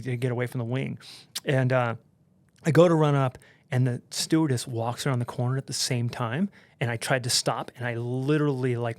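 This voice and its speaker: Animated, profane male storyteller. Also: mid-range voice. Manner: animated, profane, heavy use of "like". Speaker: podcast guest. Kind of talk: casual storytelling.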